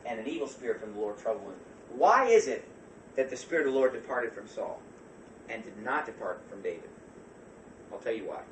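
A man preaching a fervent sermon as pastor, swinging from quiet passages to loud shouts. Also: mid-range voice, big pitch swings, fairly quick, pauses often, a little hiss or hum. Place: church. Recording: echoey church from far off.

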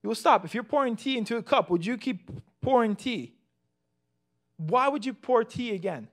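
A man's voice: very high voice, animated, moderate pace, fairly bright tone. A man preaching, an evangelist telling personal testimony in an earnest storytelling way, often restarting and repeating words.

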